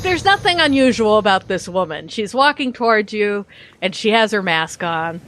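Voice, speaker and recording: Animated woman podcast co-host. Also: mid-range voice, normal speed. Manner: animated, laughs often, acts out voices in stories. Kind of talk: casual chat, dramatic storytelling.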